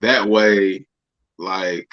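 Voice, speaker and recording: A man co-hosting a livestream in casual chat, laid-back and quick to laugh. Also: low-pitched, fairly even intonation, fairly bright tone, highs cut off. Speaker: co-host.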